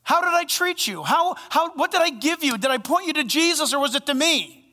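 A male pastor preaching a sermon, animated and playful, swinging between loud bursts and hushed asides. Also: very high voice, brisk, big-room sound. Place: church sanctuary.

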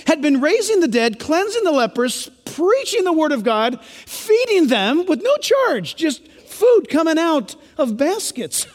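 High-voiced man preaching in reverberant church. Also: unhurried, few pauses. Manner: animated preaching, acting out quoted voices. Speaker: pastor. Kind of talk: sermon.

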